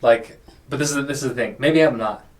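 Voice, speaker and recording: A young man hosts a laid-back podcast chat, rambling through stories with plenty of fillers. He acts out little quoted lines as he goes. His voice sits at a middle pitch and sounds set back from the microphone. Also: brisk. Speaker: podcast host. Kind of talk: casual chat. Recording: voice distant from the mic.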